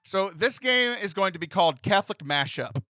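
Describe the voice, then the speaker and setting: A man in his thirties hosting a comedic podcast, jokey and animated, often laughing as he talks. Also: high voice, normal speed. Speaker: podcast host. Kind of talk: casual comedic podcast chat.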